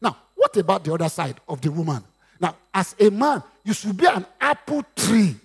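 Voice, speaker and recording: A Nigerian man preaching a sermon in a high, lively voice. His tone has a husky, gravelly grain, and he swings widely in pitch as he acts out what others say. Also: moderate pace. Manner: lively preaching with Yoruba asides and acted quotes. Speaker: pastor.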